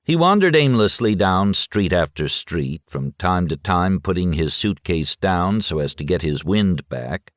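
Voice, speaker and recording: A man narrating an audiobook in a measured, sombre storytelling manner. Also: deep voice, lively intonation, no echo, studio quality. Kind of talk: scripted literary narration.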